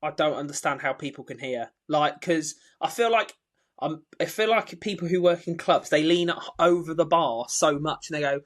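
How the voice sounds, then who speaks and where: Young male co-host, slightly high voice, chatty storyteller who mimics the people he quotes. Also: moderate pace, a bit bright. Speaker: podcast co-host. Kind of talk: casual chat.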